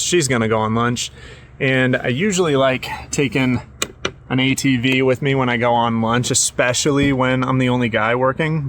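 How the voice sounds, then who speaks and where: Male vlogger, weary and rambling, mid-pitched voice, faint noise in the background. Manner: relaxed, rambling with many fillers and restarts. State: tired. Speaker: work camper vlogger. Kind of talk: casual vlog narration.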